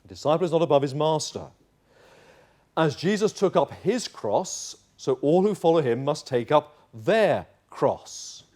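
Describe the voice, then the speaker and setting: Male pastor, slightly high voice, emphatic sermon delivery in a church. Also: very animated, a little slow, darkish tone. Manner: emphatic preaching, acts out voices in dialogue.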